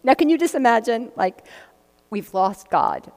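A fairly high-voiced woman reads scripture and then chats about it, giggling easily between verses. Her voice carries a long reverb, as if heard in a big echoing room. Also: animated, measured pace, a little mellow. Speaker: Bible study teacher. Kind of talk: casual Bible teaching, reading scripture with commentary.

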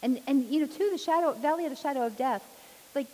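A woman giving an informal sermon, chatty and lively, laughing often as she talks. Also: sits high, quick pace. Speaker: preacher. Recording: long hall reverb with faint hiss.

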